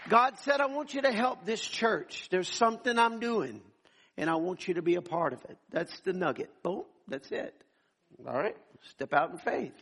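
In a church sanctuary, a male pastor preaches a sermon in a high-pitched, fairly bright, husky voice at normal speed. He's animated, telling stories and acting out the people he quotes.

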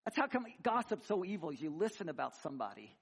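Male preacher, high voice, animated sermon delivery, conversational and joking between points. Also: fast talker, creaky, slightly rough. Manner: animated preaching, swinging from loud emphasis to quiet asides; conversational, with frequent restarts and humor. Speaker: pastor. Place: church sanctuary.

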